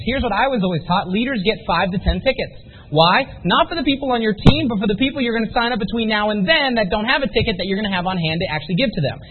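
High-voiced, fast-talking male seminar speaker. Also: narrow, tinny audio, a little hiss or hum. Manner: energetic, rhetorical, quizzes the audience. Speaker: motivational business speaker. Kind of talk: live sales seminar pep talk.

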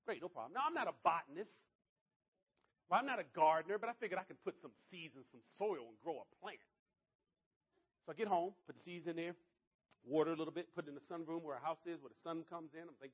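Fast, husky-voiced man telling a story. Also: fairly high pitch, highs cut off. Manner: animated, conversational storyteller. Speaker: motivational speaker. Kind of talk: storytelling speech to an audience.

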